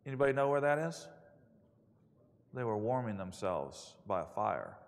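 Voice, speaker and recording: A man preaching a sermon, telling stories in an animated way and acting out the quotes. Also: mid-range voice. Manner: animated storytelling with acted-out quotes. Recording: long hall reverb.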